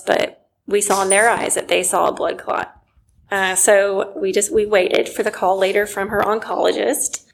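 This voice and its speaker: Earnest woman in her thirties, emotional first-person storytelling, mid-pitched voice, slight noise. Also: rough recording. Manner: earnest, emotional, quiet moments near a whisper. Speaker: mother telling her story. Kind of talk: personal testimony.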